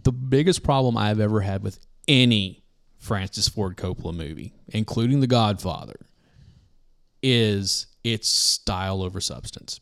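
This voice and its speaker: A man with a fairly low voice, co-hosting a laid-back movie podcast. He keeps chiming in with "I know" and "right." Then he lays out blunt opinions of his own. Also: creaky, a bit bright. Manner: quick agreement and frank opinions, "I know, right". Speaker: podcast co-host. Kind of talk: casual movie discussion podcast.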